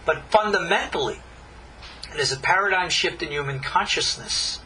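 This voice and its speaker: A man, a rabbi, teaching a Torah class in an emphatic lecturing style with long dramatic pauses and rhetorical questions. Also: fairly high pitch, sharp tone, a little hiss or hum, rough recording.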